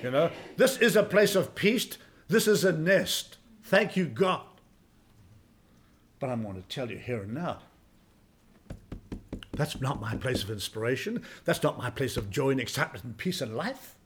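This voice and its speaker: A man in his sixties preaching a sermon as pastor, folksy and emphatic, swinging from quiet asides to loud exclamations. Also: mid-range voice, big pitch swings, moderate pace. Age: 60s.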